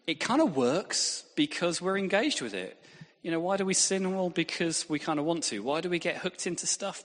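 Husky preacher in a reverberant hall. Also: male voice, on the high side. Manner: lively, self-deprecating humour. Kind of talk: sermon with anecdotes.

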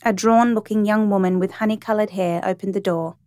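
A woman narrating a first-person story in a calm, even, reflective reading voice. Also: mid-range voice, fairly quick, dry recording.

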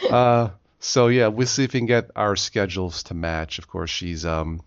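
A man's voice: lowish voice, flat delivery, unhurried, clear, resonant tone, no room sound, dull audio. A man hosting a podcast in casual chat, joking and rambling with frequent laughs. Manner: jokey, rambling, laughs often. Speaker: podcast host.

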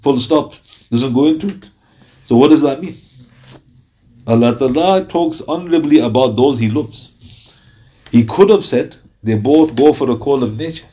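A man teaching a Ramadan Quran commentary class, telling stories lively and reciting verses in Arabic. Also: medium pitch, moderate pace, pauses often.

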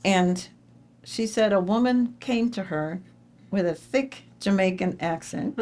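Before a live audience, a middle-aged woman shares stories in an inspirational faith message, repeating points with animated emphasis. Her pace is slow and her pitch medium.

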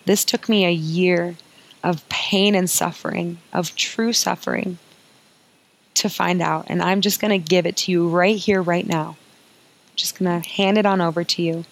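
A woman's voice: on the low side, steady tone, measured pace, creaky, low-quality recording. A woman hosting a podcast as an emotional healing coach, talking in an earnest, confiding way and repeating phrases for emphasis.

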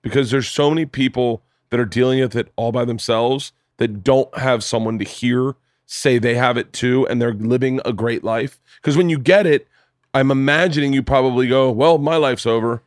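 A man's voice: moderate pace, no echo, studio quality. A man hosting a podcast, a comedian telling stories in casual chat and lifting his voice for quoted people. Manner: animated storytelling, pitching up for quoted voices.

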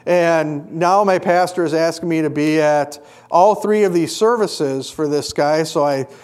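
A middle-aged man preaching a sermon in a fairly high voice. He talks earnestly, swelling into emphatic stresses and then sinking to quiet, reflective lines. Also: a little slow, clean tone. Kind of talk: sermon with personal story.

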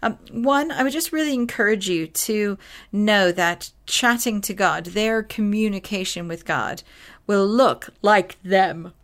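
A woman's voice: medium pitch, unhurried, fairly bright tone. Tired woman giving a casual parenting talk. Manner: earnest, conversational, yawning at times. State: tired, short on sleep. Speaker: podcast host and parenting speaker.

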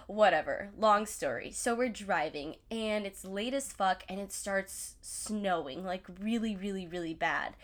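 A woman's voice: medium pitch, unhurried, few pauses. A woman in her twenties telling stories to her viewers, chatty and profane, with "like" in nearly every sentence. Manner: chatty, swears a lot, filler "like" everywhere. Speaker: vlogger. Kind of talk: casual storytelling.

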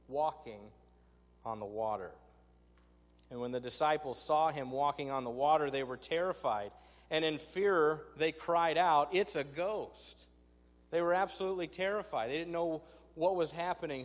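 A man preaching a sermon, conversational and emphatic, with rhetorical asides to his congregation. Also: on the high side. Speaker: pastor. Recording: long hall reverb.

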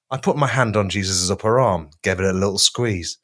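A man hosting a comedy podcast, telling absurd stories with mock-grandiose deadpan delivery. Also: on the low side, brisk, few pauses. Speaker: podcast co-host. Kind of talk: comic storytelling.

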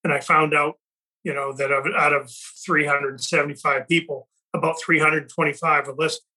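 A man's voice: a little high, little pitch movement, a little fast, pushed and bright, low-quality recording. A man hosting a podcast, talking earnestly and reflectively in a casual conversation, often restarting his sentences. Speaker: podcast host and company leader.

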